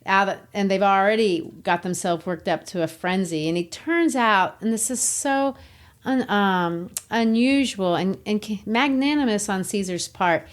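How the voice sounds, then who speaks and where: A woman co-hosting a literature podcast, retelling scenes in an animated, storytelling way. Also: mid-range voice, a little slow. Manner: animated storytelling, laughs often. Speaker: podcast co-host.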